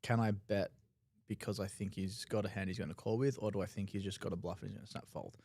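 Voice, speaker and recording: Australian male analyst, lower voice, dry sound, thinks out loud over hands. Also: steady tone, quick pace, vocal fry, husky, dry recording. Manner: analytical, loose with many fillers. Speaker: poker analyst. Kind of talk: live tournament commentary.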